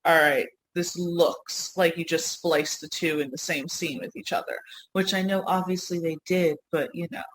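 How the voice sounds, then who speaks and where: A woman from Yonkers with a New York accent, co-hosting a podcast in rambling, animated casual chat. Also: lowish voice, moderate pace, a little hiss or hum, rough recording. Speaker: podcast co-host.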